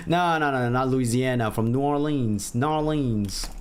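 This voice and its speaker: A man's voice: medium pitch, unhurried, few pauses, clean tone. A man streaming a game live, chatting casually in a rambling way, correcting himself and laughing at himself.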